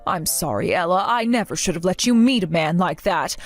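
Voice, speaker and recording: A woman playing a gentle, comforting mother. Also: lowish voice, animated, fairly quick, faint music behind. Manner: gentle, reassuring. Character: warm, steady middle-aged mother, comforting and resilient.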